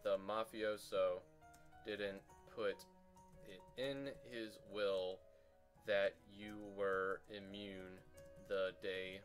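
A man's voice: on the low side, fairly even intonation, very slow, soft background music. Young man ranting furiously over gameplay. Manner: furious, swearing, shouting bursts. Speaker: gaming channel host.

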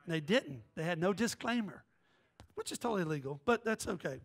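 A man's voice: high-pitched, a little fast, creaky. A man preaching a sermon as pastor, telling a story with quoted voices and jokes. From American South. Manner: animated, joking, jumps between quoted voices.

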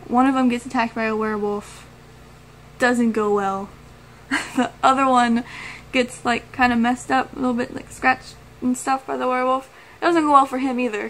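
A woman's voice: fairly high pitch, a little hiss or hum, low-quality recording. Gushing woman vlogger chatting about films. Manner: gushing, enthusiastic, laughs often. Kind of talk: casual movie-review chat.

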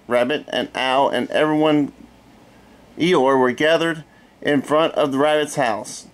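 A middle-aged man reading a children's storybook aloud in a relaxed way, with chatty asides. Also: a little high, measured pace.

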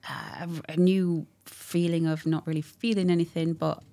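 Woman, lowish gravelly voice, candid laughing storyteller. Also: moderate pace. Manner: warm, laughing, animated retelling with quoted dialogue. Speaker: guest.

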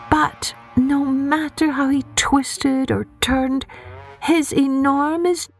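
Expressive woman reading a children's story. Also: high-pitched. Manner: expressive, gentle. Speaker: storyteller, podcast host.

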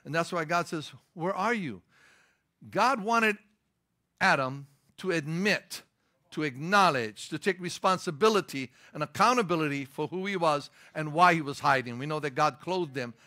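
A man's voice: on the high side, expressive, normal speed, pushed and bright. A middle-aged man preaching a sermon as pastor, emphatic and punchy, mixing scripture with personal stories. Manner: emphatic preaching with rising, stressed lines and storytelling asides.

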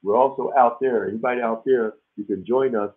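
Animated man hosting a webinar over tinny audio. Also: medium pitch, brisk. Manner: animated storytelling, acts out quoted dialogue. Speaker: webinar host. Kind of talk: casual webinar talk. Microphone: video call.

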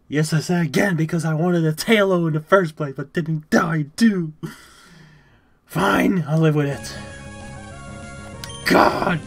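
A young adult streamer giving casual, excitable commentary while gaming, swearing, laughing often and stammering. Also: mid-range voice, slow pace, creaky, long pauses, faint music behind.

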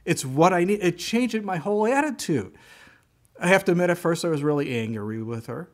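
Briskly, a male pastor delivers a sermon in a chatty storytelling manner, sprinkling in lively asides. Imitating his own complaints, he pushes out high, strained bursts.

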